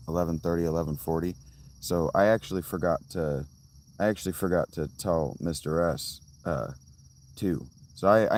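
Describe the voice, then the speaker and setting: A man's voice: sits low, a little mellow, slight background noise. A man chatting casually on a live stream outdoors by a fountain, answering viewers' comments in a rambling, tangential way with many restarts. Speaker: livestreamer reading chat.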